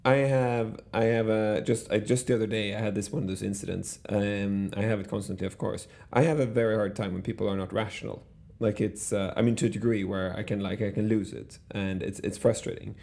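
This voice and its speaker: Gravelly, low-voiced middle-aged man. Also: steady tone, brisk, darkish tone. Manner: rambling, many restarts and fillers. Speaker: guest. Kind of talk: casual conversational storytelling.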